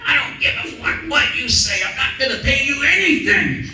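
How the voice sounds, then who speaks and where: A comedian voicing an angry male debtor yelling on the phone, in an echoey club. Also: big pitch swings, moderate pace, distant mic, exaggerated voice. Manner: shouting, high-pitched outbursts.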